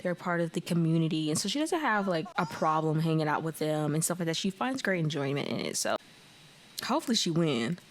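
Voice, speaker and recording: A woman's voice: low-pitched, big pitch swings, slight background noise. Chatty giggly woman narrating gameplay. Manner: chatty, giggly, voices her characters in quick asides. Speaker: let's play host. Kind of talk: casual gameplay commentary.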